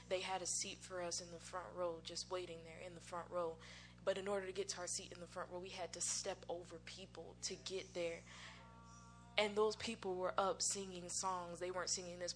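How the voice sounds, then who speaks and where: A woman's voice: on the low side, a little hiss or hum. An American woman speaking in church, sharing a personal testimony in a candid, conversational way and laughing at herself. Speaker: church musician and worship singer. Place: church sanctuary. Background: music.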